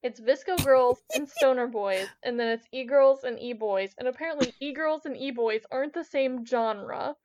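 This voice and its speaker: A woman narrating as game master of a tabletop game, brisk and teasing. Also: sits high, a little mellow.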